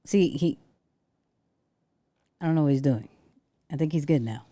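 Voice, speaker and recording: A woman's voice: low-pitched, unhurried, dark tone. A woman hosting a casual livestream from home, chatting with viewers and talking to her dog. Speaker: livestream host.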